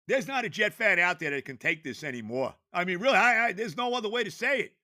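A man, ranting on his sports podcast, exasperated and stammering, often shouting. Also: high voice, lively intonation, fast, few pauses, dry recording. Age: 70s. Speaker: podcast host.

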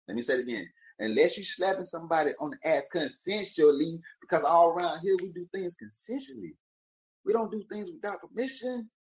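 A vlogger with a medium-pitched voice, heard through dull audio, talks casually and playfully to camera. He rambles with jokes and wordplay as he offers daily encouragement and wishes his viewers a good day.

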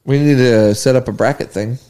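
A man in casual podcast chat, telling funny stories, laughing often and acting out quotes in a higher voice. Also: fairly quick, mellow. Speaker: podcast co-host.

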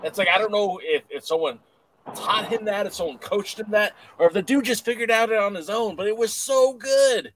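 A man's voice: sits high, a little fast, fairly bright tone, a little hiss or hum, poor audio. A man co-hosting a casual wrestling podcast, talking enthusiastically in long run-on stretches. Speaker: podcast co-host.

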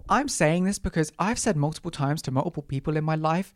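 A woman's voice: deep voice, brisk, few pauses, faint music behind. A young woman hosting a solo podcast, ranting with exaggerated, sweary outrage. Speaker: podcast host. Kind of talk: solo comedic rant.

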